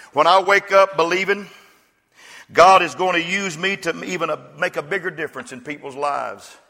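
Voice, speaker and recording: A man preaching a rousing sermon, calling on the congregation to answer him and rising to shouts. His voice is bright and forceful and fairly high for a man, and it rings through a reverberant church hall with a faint crowd behind him. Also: gravelly. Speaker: pastor. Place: church sanctuary.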